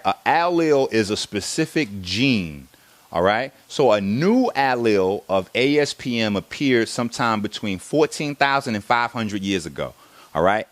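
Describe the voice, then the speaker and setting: A man giving an emphatic lecture to an audience, often pausing to check in with his listeners. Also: fairly low pitch, fairly bright tone, no echo.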